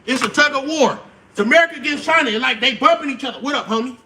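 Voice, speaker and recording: Man, very high pitch, casual slangy livestream talk, repeats his points, slightly distant mic. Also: quick pace, pushed and bright, a little hiss or hum. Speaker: channel host.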